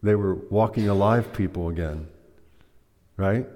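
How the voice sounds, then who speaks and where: A man preaches a sermon and keeps putting questions to the congregation. He speaks very slowly in a lowish voice. The long reverb of a church hall trails behind each phrase. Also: mellow.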